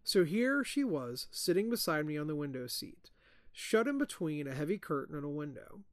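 A man, a podcast host, reading a ghost story aloud in a hushed storytelling voice. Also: fairly high pitch, big pitch swings, moderate pace, no echo, studio quality.

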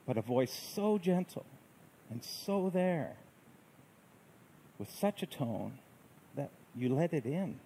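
A man preaching a sermon in a gentle, reflective way, with unhurried phrasing. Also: fairly high pitch, very animated, a little hiss or hum, rough recording. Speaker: pastor.

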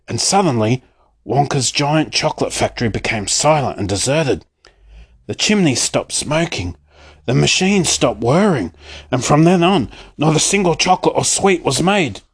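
A man's voice: on the high side, normal speed, husky. A man reading a storybook aloud, narrating expressively. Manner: expressive and lively.

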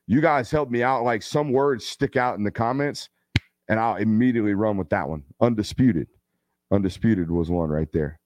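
A man in his thirties hosting a live football show, chatting casually and telling stories with loose slang and quick asides. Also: lowish voice, a little mellow, no room sound. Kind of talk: casual live-stream chat.

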